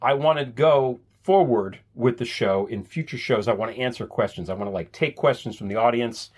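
With a mid-range, darkish voice and a slightly fast pace, a man runs his own podcast in a casual, chatty style. He's self-deprecating and keeps restarting sentences, repeating words each time.

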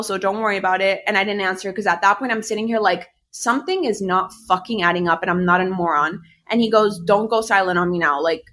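Young woman venting a story to friends, tons of "like", swears a lot, casual chat. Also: mid-range voice. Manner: animated, swearing, many "like" fillers. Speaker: storyteller recounting a breakup.

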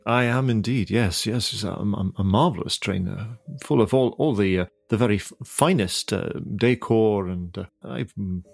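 A man voicing a polite, genteel gentleman traveller with formal, hesitant phrasing in a tabletop game. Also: fairly low pitch, normal speed, creaky, hardly any pauses, no room sound, soft background music. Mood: courteous.

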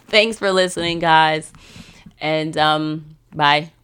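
A woman's voice: low voice, steady tone, measured pace, a bit bright, clear, resonant tone. A woman hosting a podcast, chatting casually, rambling and laughing often. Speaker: podcast host.

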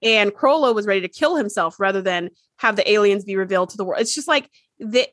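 A woman's voice: mid-range voice, expressive, quick pace, a bit bright, no echo, clean studio sound. A young woman co-hosting a podcast, chatting enthusiastically and earnestly about a TV episode. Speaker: podcast co-host. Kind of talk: casual chat recapping a TV episode.

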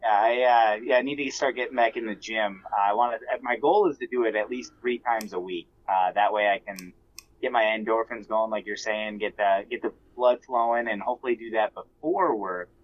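Low-voiced man on dull lo-fi audio. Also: moderate pace. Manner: rambling with fillers and repeats. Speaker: podcast co-host. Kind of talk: casual chat.

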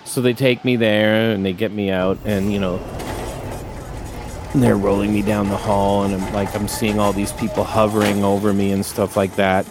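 Male storyteller, low-pitched, candid and profane, does voices for quoted lines. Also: little pitch movement, moderate pace. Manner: acts out quoted dialogue with raised pitch. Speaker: storyteller recounting a personal accident. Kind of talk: casual spoken storytelling.

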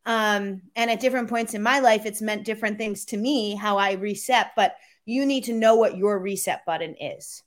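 A woman sales coach, a guest in an interview, telling stories and giving advice in a lively, conversational way. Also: mid-range voice, moderate pace, few pauses. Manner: animated storyteller, acts out quoted voices.

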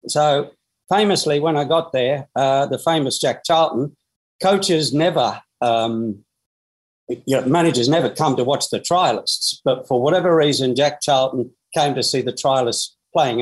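An Australian man in his sixties, a former footballer, tells his story in an interview, lively and full of restarts and fillers. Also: mid-range voice, normal speed, slightly rough, rough recording.

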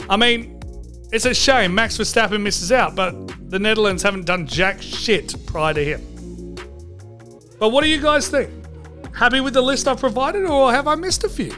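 Male podcast host, high and bright, goofy rambling monologue. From Australia. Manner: jokey, rambling, mock-dramatic. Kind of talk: comedic sports podcast monologue.

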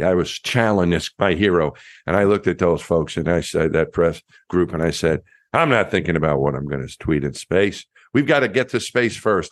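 A man in his fifties, a former astronaut, telling lively anecdotes as an interview guest, often restarting his sentences. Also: low-pitched, no room sound, studio quality. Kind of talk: storytelling interview.

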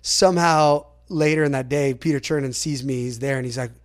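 A man, a podcast guest, telling stories in a rambling, animated way, full of "like" fillers and acted-out quotes. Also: medium pitch, a little fast. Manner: acts out other people's lines in quotes. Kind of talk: casual storytelling in an interview.

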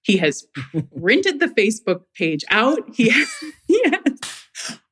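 A woman's voice: on the high side, slow, breathy edge. A woman in her thirties from Massachusetts calling in to tell a story casually, often breaking into laughter as she talks. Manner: laughs often mid-sentence, animated. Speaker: caller.

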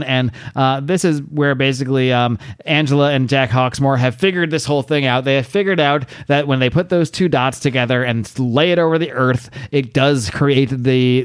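A man's voice: mid-range voice, clear, resonant tone, no echo, clean studio sound. Rambling male podcast host. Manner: rambling, filler-heavy, animated asides. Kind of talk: casual comic book recap.

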